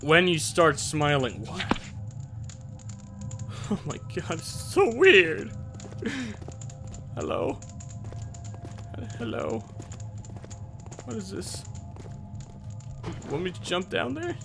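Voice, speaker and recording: A young man commenting on a horror game as he plays, excitable and jumpy, swearing often. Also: high-pitched, extremely slow, gravelly, long pauses, over music. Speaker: gameplay commentator.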